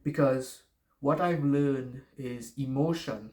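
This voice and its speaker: A man's voice: medium pitch, takes it slowly, a little mellow. A man with a noticeable accent giving casual life advice to camera, rambling, correcting himself and swearing freely. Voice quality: noticeable non-native accent.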